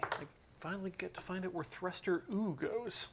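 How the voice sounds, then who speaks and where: A man's voice: sits high, normal speed, fairly bright tone, slight background noise. A man co-hosting a hobby stream, chatting casually and explaining his model build as he works. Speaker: stream co-host. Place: streaming studio.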